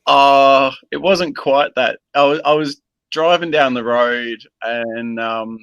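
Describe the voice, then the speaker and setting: Laid-back Australian man, bright voice. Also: mid-range voice, fairly even intonation, clear, resonant tone, no echo, lo-fi sound. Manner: laid-back, unhurried, many pauses and ums. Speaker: guest. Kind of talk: casual video-call interview.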